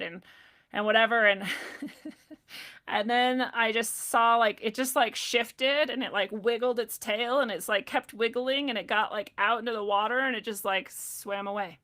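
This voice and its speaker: A woman's voice: fairly high pitch, normal speed, bright, forceful tone. Chatty woman telling a story, laughing often. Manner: chatty, laughs often, many "like" fillers, acts out her own past lines. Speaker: vlogger. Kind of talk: casual storytelling.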